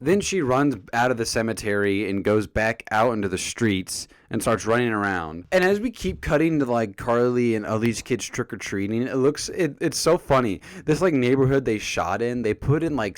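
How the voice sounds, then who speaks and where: Guy reviewing an old tv episode, jokey and animated, pitch all over the place, super dry sound. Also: no echo. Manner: animated, jokey, acts out characters' lines. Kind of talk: casual review vlog.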